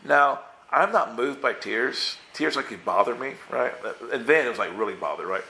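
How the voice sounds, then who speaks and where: A man preaches with a mid-pitched voice, his words ringing in a roomy, echoing hall. He tells a personal story in an animated way and acts out each exchange, often stumbling over restarts as he goes. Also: moderate pace. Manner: lively storytelling, acts out dialogue, many restarts. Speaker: pastor.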